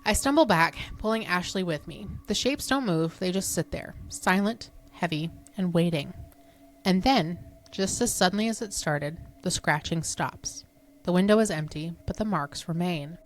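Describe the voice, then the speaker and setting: A woman co-hosting a podcast, reading a spooky story in a hushed, suspenseful way. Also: fairly low pitch, moderate pace. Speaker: podcast co-host. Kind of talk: reading spooky stories aloud.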